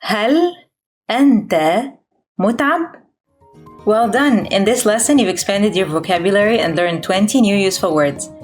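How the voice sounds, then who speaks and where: A woman's voice: medium pitch, fairly quick, hardly any pauses, soft background music. A woman narrating a vocabulary lesson in an encouraging, scripted read.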